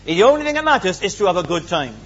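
Male preacher, high swooping voice, a little husky, earnest sermon delivery, dull lo-fi recording. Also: big pitch swings, fast, a bit bright. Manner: earnest, emphatic, rhetorical questions.

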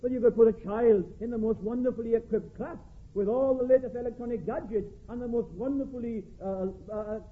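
A man preaching a sermon, emphatic and deliberate, stressing single words. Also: very high voice. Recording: tinny phone-like band, husky.

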